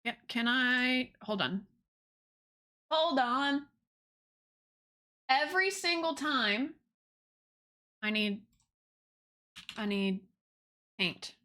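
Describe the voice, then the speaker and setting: A woman's voice: high voice, animated, extremely slow, long pauses, pushed and bright. A woman streamer chatting casually with her viewers, bubbly and giggly. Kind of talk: casual chat with viewers while drawing.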